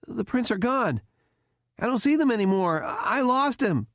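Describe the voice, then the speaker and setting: A man's voice: sits high, measured pace, no echo, clean studio sound, voice pushed up. A man voicing a nervous young cadet. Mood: panicky. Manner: stammering, anxious, rising into panic.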